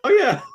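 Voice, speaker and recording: Slow, sheepish podcast co-host man. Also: very high voice, gravelly. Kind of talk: casual chat.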